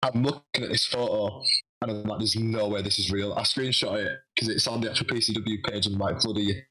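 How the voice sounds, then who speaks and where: A man telling a lively story in a casual interview, acting out what people said. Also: lowish voice, brisk, low-quality recording. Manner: animated, acts out quoted dialogue. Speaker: guest wrestler.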